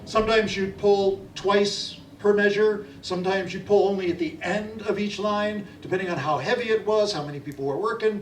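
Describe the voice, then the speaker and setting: This middle-aged man's high voice moves at a moderate pace with few pauses as he spins stories and leads a library audience in call-and-response sing-alongs in a chatty, folksy way. The distant mic gives a roomy sound with slight background noise.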